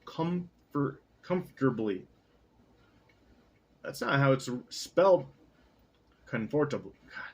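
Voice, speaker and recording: A man's voice: medium pitch, expressive, slow, creaky, long pauses, darkish tone, husky. A man casually reading a novel aloud, adding comments, tripping over words and cursing at himself. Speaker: reader.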